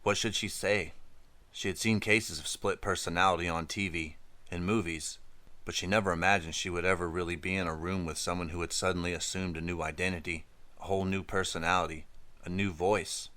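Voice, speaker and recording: Deep, smooth male audiobook narrator. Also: fairly even intonation, fairly quick, pushed and bright, dry recording.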